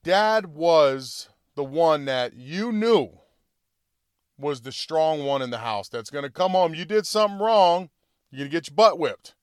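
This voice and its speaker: A man's voice: fairly high pitch, animated, measured pace, clean tone, dry recording, studio quality. A man hosting his own commentary show, talking casually to listeners and retelling a film scene in a conversational, storytelling way with chuckles and asides. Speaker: political commentary host. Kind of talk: casual monologue.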